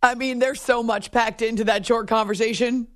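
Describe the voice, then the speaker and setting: A woman's voice: on the high side, fairly even intonation, moderate pace, over a noisy crowd. A woman hosting a sports radio show, talking in a wry, chatty way and laughing often. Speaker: radio host. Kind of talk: sports radio talk and chat.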